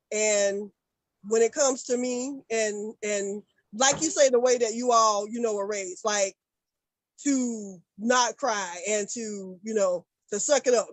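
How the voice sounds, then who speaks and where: A woman in her forties, an author guest on a panel, talking in an earnest, reflective way with halting restarts. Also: on the high side, dry recording, poor audio. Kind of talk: panel discussion.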